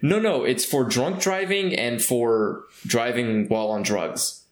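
A man's voice: mid-range voice, takes it slowly. A man from California, telling a story in casual chat, rambling with fillers and restarts. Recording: roomy echo.

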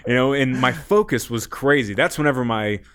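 A man's voice: mid-range voice, fairly quick, fairly bright tone, smooth. A man guest on a podcast, telling a rambling story in casual talk, often laughing and swearing.

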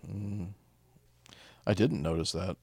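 Chill guy on a podcast, kinda low voice, deadpan sarcastic one-liners, dry close mic. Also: takes it slowly, gravelly, breathy edge, dry recording. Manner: laid-back, dry and sarcastic. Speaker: podcast co-host. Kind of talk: casual chat.

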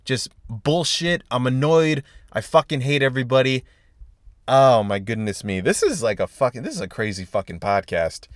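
A man's voice: medium pitch, lively intonation, moderate pace, no room sound, clean studio sound. A man hosting a solo podcast, telling a long, rambling story about his day with lots of swearing and exasperation. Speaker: podcast host. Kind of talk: casual solo podcast rant.

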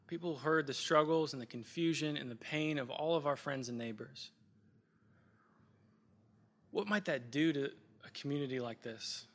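Bright-voiced, earnest male preacher. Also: on the high side, normal speed, long pauses, in a large hall. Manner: earnest, reflective, repeating phrases for emphasis. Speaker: pastor. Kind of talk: sermon.

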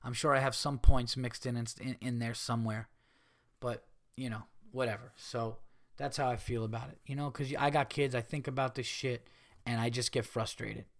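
A middle-aged male comedian hosting a podcast, delivering a profane ranting monologue that swings from yelling to calmer musing. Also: medium pitch, moderate pace.

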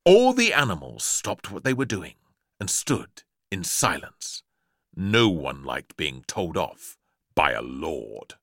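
A man reading a children's storybook aloud, lively and playful, punching out sound-effect words. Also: deep voice, takes it slowly, creaky, no room sound.

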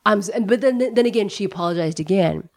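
A woman's voice: medium pitch, fast, darkish tone, no room sound, studio quality. A middle-aged American woman telling a personal story, candid and profane, with lots of "like" and "you know". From United States. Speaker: comedian guest.

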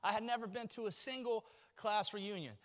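Speaking briskly in a high voice, a male pastor in his 40s preaches to a church with folksy humor and lively storytelling. The long reverb of the church hall carries his words.

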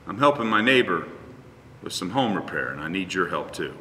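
A man preaches with a lively, swooping voice that has a bright edge. He sounds a little distant from the mic, and his words ring through a reverberant church sanctuary. He slips into quick acted exchanges between a pastor and churchgoers. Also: deep voice, a little hiss or hum. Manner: conversational preacher acting out dialogues. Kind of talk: sermon.

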